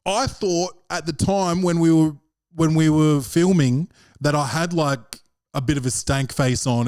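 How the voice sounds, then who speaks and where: A man's voice: medium pitch, darkish tone, no room sound, clean studio sound. Rambling slangy man on a podcast. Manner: rambling, slangy, swears, says "bro" and "man" a lot. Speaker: podcast host. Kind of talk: casual solo podcast monologue.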